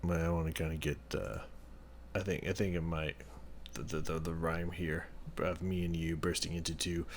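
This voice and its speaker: A man's voice: sits low, flat delivery, moderate pace. A man hosting a music reaction video, thinking aloud as he analyzes a song and searching for his words. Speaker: music reaction channel host.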